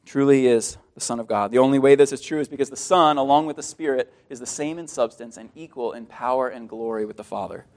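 A man preaching a sermon to his congregation, earnest and animated, often repeating a word as he speaks. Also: medium pitch, quick pace, hardly any pauses. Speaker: pastor.

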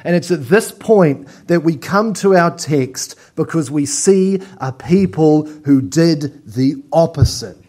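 A man preaching a sermon as pastor, telling lively stories and acting out little scenes. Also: a little high, takes it slowly, hardly any pauses.

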